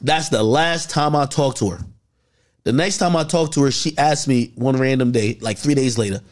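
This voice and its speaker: A man telling a personal story in casual chat, animated and full of slang, acting out what others said. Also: mid-range voice, normal speed. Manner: animated, acts out quotes with slang.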